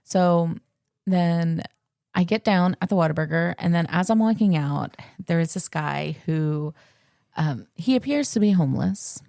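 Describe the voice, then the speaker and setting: A young woman co-hosting a casual chat, telling a lively, self-deprecating story and acting out her own lines. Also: on the low side, measured pace, gravelly, dry recording, clean studio sound. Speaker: podcast co-host.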